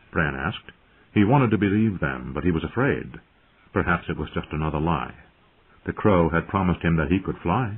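Man, audiobook narrator, low voice, animated pitch, measured storytelling, lo-fi phone-like sound. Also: breathy edge. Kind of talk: scripted fantasy narration.

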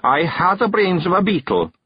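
A man's voice: high-pitched, sing-song, moderate pace, slightly rough, no room sound, pitched above the performer's own voice, full character voice. A man voicing a dim-witted, proud male pixie, gleeful and silly. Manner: gleeful, daft. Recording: dull, dry narration recording.

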